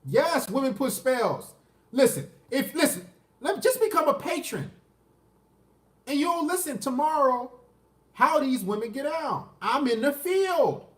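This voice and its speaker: A man's voice: very high voice, animated, measured pace, fairly bright tone, far from the mic. A man, ranting crudely on a livestream and answering chat questions. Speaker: dating commentary streamer. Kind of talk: unscripted livestream rant. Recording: roomy echo, off the mic.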